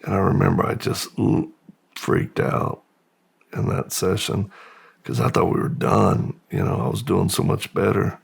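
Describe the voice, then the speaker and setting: A middle-aged American man, a podcast guest, slowly and haltingly recounting a painful memory in a subdued, gravelly voice. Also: low-pitched. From United States. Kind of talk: personal storytelling in interview.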